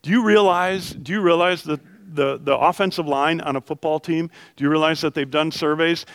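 Animated male pastor preaching a sermon. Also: on the high side, a little fast, no echo. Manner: animated, asks the congregation questions.

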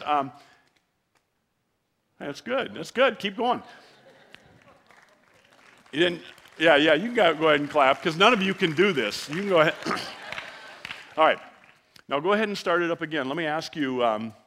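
A man's voice: fairly high pitch, animated, normal speed, long pauses, a bit bright, a faint crowd. A male pastor preaching a sermon in a conversational, joking way, acting out quotes during a church service.

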